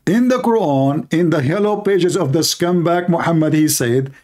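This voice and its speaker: A man's voice: fairly high pitch, normal speed, a little mellow. A man hosting a live stream, delivering a sarcastic, mocking monologue in nonstandard English grammar. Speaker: host of a live religious debate stream.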